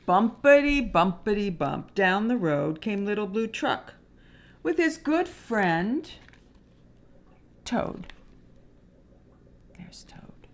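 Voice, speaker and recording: A preschool teacher reading a picture book aloud to young children, gently pointing out the pages. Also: female voice, mid-range voice, big pitch swings, slow. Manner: gentle, explaining pages to little ones.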